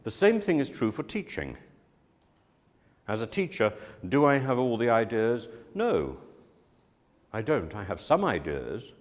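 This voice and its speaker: A man teaches a room of students at a slow, deliberate pace, his slightly low voice rising and falling in lively swoops. He acts out the things people say with sudden emphasis. The recording carries a long reverb, as in a large hall. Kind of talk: talk to students on directing and teaching.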